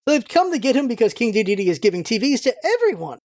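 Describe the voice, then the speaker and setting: A young woman hosting a casual rewatch podcast, chatty and excitable, rambling through facts with lots of asides. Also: fairly high pitch, quick pace, dry recording, clean studio sound. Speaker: podcast host.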